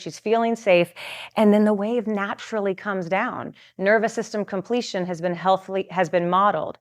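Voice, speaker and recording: Earnest woman explaining, lots of "like". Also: on the low side. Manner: earnest, many "like" fillers and restarts. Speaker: guest coach on trauma and the nervous system. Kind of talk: explanatory masterclass talk.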